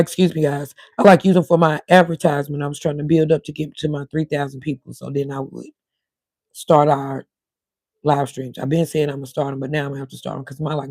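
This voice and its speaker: A woman's voice: sits low, warm tone, no room sound. A middle-aged woman, rambling casually to her viewers on a livestream, her voice cutting in and out. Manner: rambling, talks to viewers in chat. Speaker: livestream host.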